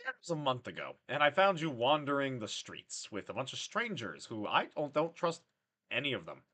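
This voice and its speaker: A cocky younger tiefling brother who needles his sibling with a smug, mocking tone, as a man voices him in a generic fantasy accent. His delivery bounces around lively in pitch. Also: normal speed.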